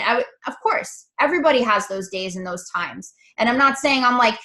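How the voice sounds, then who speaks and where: A woman with a fairly high voice talks like a coach in a loose, casual motivational chat. She is candid and chatty and swears now and then in an easy way. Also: expressive, a little fast, few pauses, pushed and bright, a little hiss or hum.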